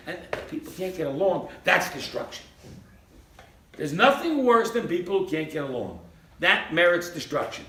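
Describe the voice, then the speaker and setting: An animated male rabbi with a bright, lively voice that leaps up high when he acts out little scenes. He sounds set back from the mic in an echoey room, with a faint hiss underneath. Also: far from the mic. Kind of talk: Torah class.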